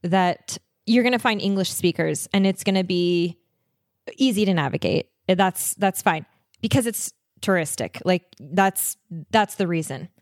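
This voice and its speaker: A woman's voice: fairly low pitch, unhurried, no echo, clean studio sound. A woman guest on a podcast, chatting enthusiastically about travel and laughing often. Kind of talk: casual interview chat.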